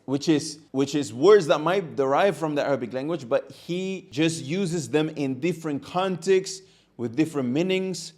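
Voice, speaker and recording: A man's voice: medium pitch, a little mellow. A man teaching a language lesson in a casual, explanatory way, often restating his phrases as he works through a point.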